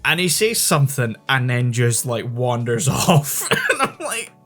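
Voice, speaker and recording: A man's voice: medium pitch, sing-song, measured pace, fairly bright tone, soft background music. A man with a Scottish accent, a podcast host, animatedly retelling a story in casual chat, full of quoted dialogue and swearing. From Scotland.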